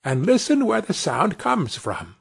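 A tiny, mischievous boy no bigger than a thumb, as a storyteller puts him on, calling out in a raised, bold, high voice. The delivery is drawn out and slow, with a husky edge. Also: wildly swooping pitch, full character voice. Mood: eager.

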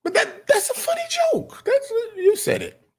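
A man raised in California, hosting his show and reacting to a clip in casual chat, profane, boastful and quick to laugh. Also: very high voice, wildly swooping pitch.

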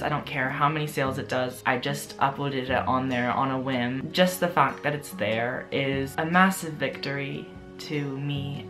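A man's voice: on the high side, pushed and bright. A young man chatting casually to camera as a vlogger, giggly and full of "like" fillers. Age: young adult. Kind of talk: casual vlog chat.

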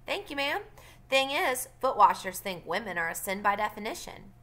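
Woman reading a wry older neighbor lady, blunt and dry, bright voice, lively pitch. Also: normal speed. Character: sharp-tongued older Southern woman neighbor.

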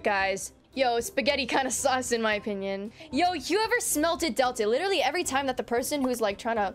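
A young woman hosting her gaming video, chatting excitedly and playfully accusing other players as she plays. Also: a little high, a little fast, few pauses, faint music behind. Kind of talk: casual excited game commentary.

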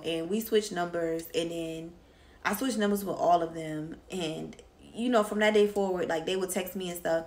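A woman's voice: fairly low pitch, steady tone, normal speed, a little mellow. A young woman, a vlogger, telling a candid, slangy story time, swearing freely as she goes. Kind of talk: casual storytime.

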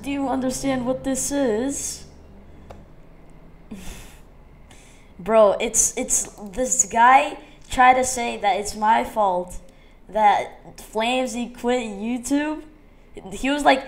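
Female YouTuber, unhurried, laughing, scornful drama commentary. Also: fairly high pitch. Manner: rambling, laughing, mocking.

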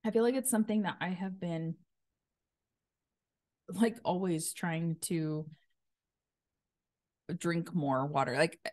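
A lowish, slightly mellow female voice, recorded dry and clean in a studio. She's a podcast host in her thirties, riding a post-workout buzz and chatting cheerfully on her casual solo show with many filler words.

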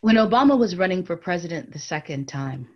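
A woman storyteller telling a story to an audience, swinging between bright raised tones and hushed near-whispers and speaking to listeners directly. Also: fairly low pitch, animated, fairly quick, muffled recording. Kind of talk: oral storytelling lecture.

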